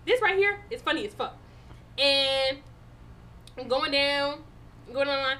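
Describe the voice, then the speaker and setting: A woman's voice: sits high, a little slow, sharp tone. A woman co-hosting a podcast, telling a story in a casual chat, with lots of laughter and swearing. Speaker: podcast co-host.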